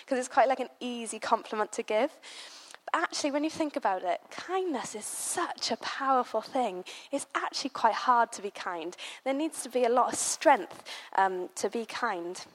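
A woman's voice: on the high side, lively intonation, moderate pace. A young woman giving a casual church talk, opening with a story and speaking chattily with many "like"s and "you know"s. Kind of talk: casual sermon with anecdote.

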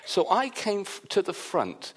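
Lively, animated preaching man. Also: high voice, measured pace, slightly rough. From Wales. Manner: animated storyteller, acts out the quoted voices. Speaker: pastor. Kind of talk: sermon with personal storytelling.

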